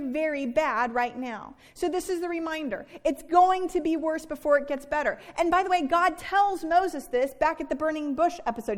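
A woman reading scripture and preaching a sermon in an earnest, conversational way. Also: sits high. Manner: earnest, conversational, acts out quoted complaints. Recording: reverberant worship hall.

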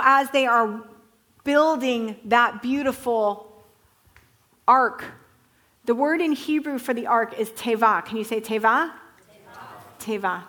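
A woman's voice: fairly high pitch, fairly bright tone. A woman teaching Bible stories to a group, telling them with animation and asking listeners to repeat words.

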